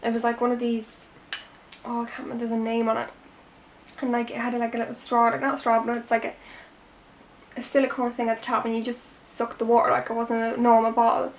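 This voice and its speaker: A young Irish woman vlogging as she does her makeup, rambling and chatty, sometimes dropping into soft half-whispers. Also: on the high side, completely flat delivery, quick pace, slight background noise. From Ireland. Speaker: beauty vlogger. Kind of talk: chatty get-ready-with-me vlog. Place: home room.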